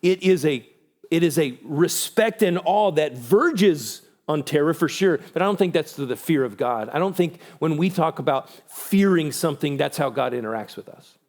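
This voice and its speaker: A man giving a church conference talk, animated, acting out quoted voices with big pitch jumps. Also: moderate pace. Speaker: conference speaker.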